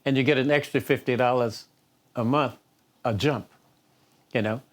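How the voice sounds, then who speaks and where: A man's voice: medium pitch, fairly even intonation, moderate pace. An older man from the Detroit area, a singer being interviewed, telling anecdotes with frequent chuckles. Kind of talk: storytelling interview.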